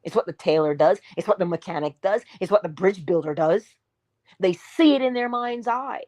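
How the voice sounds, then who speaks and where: A woman giving a motivational morning talk, animated and emphatic, asking her listeners rhetorical questions and dropping into hushed asides. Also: medium pitch, moderate pace. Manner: animated and emphatic, swinging between loud bursts and hushed asides; preacherly, speaks straight to listeners with rhetorical questions. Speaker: inspirational speaker.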